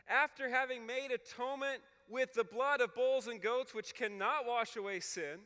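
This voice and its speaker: A Bible scholar addresses clergy at a retreat, explaining scripture one step at a time and pausing often to ask "okay?" Each phrase trails off into long reverb, carried by his high, crisp, bright-edged voice.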